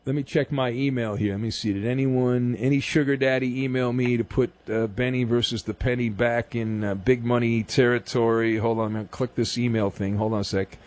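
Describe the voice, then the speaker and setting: A man from Southern California hosting a call-in sports radio show, teasing callers with dry, quick comebacks. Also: medium pitch, fairly even intonation. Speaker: radio talk show host.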